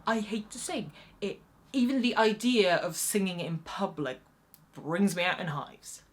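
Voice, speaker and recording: A woman actress telling self-mocking audition stories to camera in a wry, animated way. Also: mid-range voice, measured pace. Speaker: actress vlogger. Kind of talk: casual storytelling to camera.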